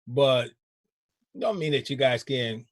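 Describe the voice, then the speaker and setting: Husky laid-back male show host. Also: medium pitch, animated, takes it slowly, no echo. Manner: laid-back, laughs often, uses slang. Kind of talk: casual chat.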